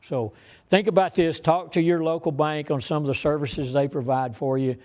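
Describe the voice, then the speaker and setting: A man's voice: on the high side, fairly even intonation, normal speed, a little mellow. Man, folksy, emphatic, informal presentation, meeting room audience. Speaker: bank fraud manager presenting to business owners.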